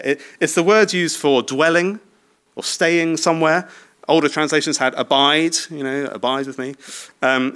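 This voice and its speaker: A man's voice: on the high side, fairly bright tone. A man in his thirties preaching a sermon in a conversational way, often asking the listeners short tag questions and laughing lightly.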